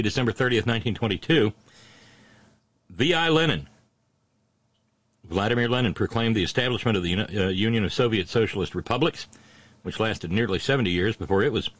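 A middle-aged man hosting a satirical on-this-day history segment, full of puns and sarcastic asides, slowing down for his punchlines. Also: fairly low pitch, fairly bright tone, no echo. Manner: punning asides and sarcastic jabs; slows down for punchlines. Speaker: host of a daily history segment.

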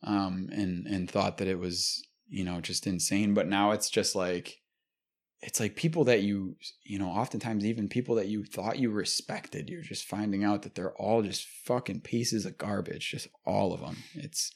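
A man's voice: lowish voice, moderate pace. A young man hosting a podcast, chatting casually and rambling with many fillers and curse words. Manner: rambling, profane, frequent fillers. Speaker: podcast host. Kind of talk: casual chat.

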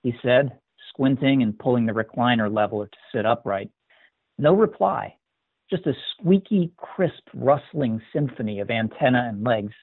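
A man reads a scripted story in a measured, even voice of middle pitch. The recording is thin and tinny, like a phone line, with no room echo. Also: breathy edge. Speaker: story reader. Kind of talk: scripted narration. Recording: tinny dry phone-like sound.

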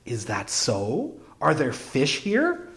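A man doing a quiet, awed fellow fisherman. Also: medium pitch, wildly swooping pitch, takes it slowly, creaky, exaggerated voice. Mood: curious. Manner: short, wondering questions, almost reverent.

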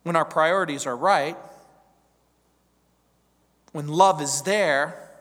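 A man with a high voice delivers a verse-by-verse sermon as a pastor. He builds his points with repeated phrases and rhetorical questions, pressing each one home. The sound carries the long tail of a large church hall. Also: slow pace, a bit bright.

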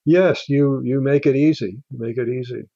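An older man talks in a mellow, soft-edged voice, stopping and restarting his sentences as he goes. The sound is dry and slightly dull. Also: medium pitch, no echo. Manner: halting, with many restarts and fillers. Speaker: guest author. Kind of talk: casual interview talk.

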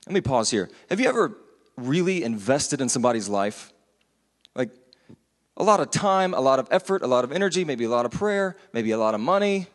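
A man's voice: medium pitch, very animated, brisk. A man preaching a sermon in a church, earnest and conversational with frequent restarts. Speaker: pastor. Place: church sanctuary. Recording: long church hall reverb.

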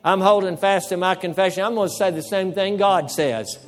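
High-voiced pastor preaching emphatically. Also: male voice, normal speed, faint music behind. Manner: emphatic, repeats phrases, acts out dialogue with the devil. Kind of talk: sermon.

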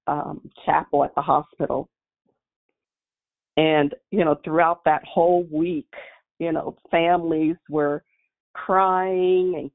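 Woman with a gravelly voice on a tinny line. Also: low voice. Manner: earnest, heartfelt storytelling. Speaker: guest sharing a testimony. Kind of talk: personal faith testimony.

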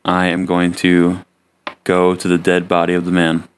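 A man's voice: low-pitched, completely flat delivery, moderate pace, slight background noise. A man playing a tabletop game who checks the rules carefully and asks many questions. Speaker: player.

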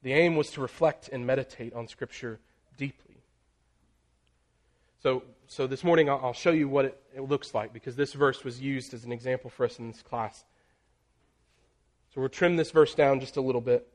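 A man preaching a sermon, building in intensity through emphatic lists and dropping to a near hush on key phrases. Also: mid-range voice, steady tone. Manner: slows and drops very soft on key phrases.

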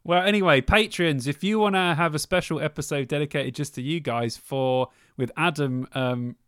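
A fairly high-voiced man co-hosting a casual podcast, quick to tease and laugh. His voice is dry and close to the mic. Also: a bit bright, smooth, no echo. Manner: teasing, laughing often. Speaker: podcast co-host.

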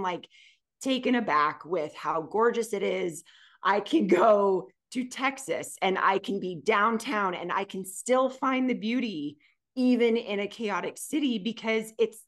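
Middle-aged woman co-host, casual and heartfelt, average pitch, gushing delivery. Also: fairly bright tone. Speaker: podcast co-host. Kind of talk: casual chat.

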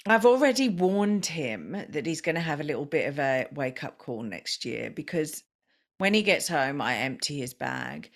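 Woman, low voice, podcast host, chatty, self-deprecating. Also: very animated, moderate pace. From Australia. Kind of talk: casual interview chat.

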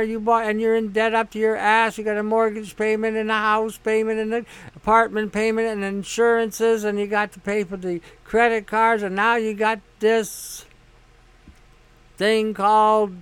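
A man's voice: sits high, fairly bright tone, clean tone, dry recording. A male host in a casual monologue, blunt, profane and sarcastic.

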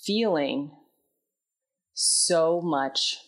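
A woman telling a candid personal story in a reflective, introspective way, often trailing off into soft, quiet phrases. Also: deep voice, extremely slow. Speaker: vlogger.

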